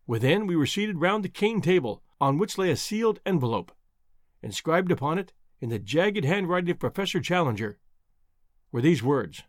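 A man narrating an adventure novel in a measured, descriptive storytelling manner. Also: on the high side, very animated, no room sound, clean studio sound. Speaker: audiobook narrator. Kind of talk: scripted narration.

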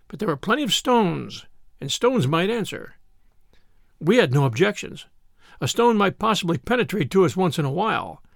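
A male audiobook narrator reads a classic adventure with expressive, dramatic phrasing. His high voice carries a gravelly edge and moves lively in pitch. The recording sounds dry and close. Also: no room sound. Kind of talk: scripted storybook narration.

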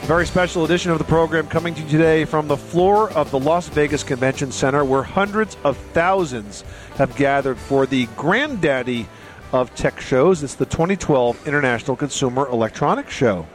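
Upbeat male radio host, fairly high voice. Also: normal speed, faint music behind. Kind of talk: radio show hosting.

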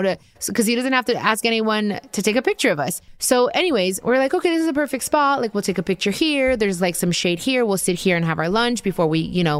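A woman host casually telling a personal story, chatty and animated, full of asides and quoted dialogue. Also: medium pitch, dry recording. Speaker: podcast host.

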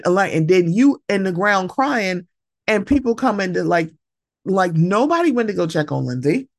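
A woman's voice: mid-range voice, sing-song, normal speed, no echo, studio quality. A woman hosting a solo podcast, talking in a casual, emphatic way, swearing freely and acting out the people she quotes. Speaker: podcast host. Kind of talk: solo casual chat about reality TV.

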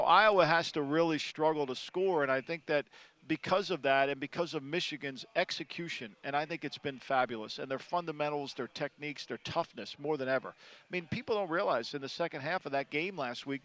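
A man's voice: on the high side, brisk, a bit bright. Emphatic man breaking down football. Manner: emphatic, repeats "I think". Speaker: college football analyst. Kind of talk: casual sports talk.

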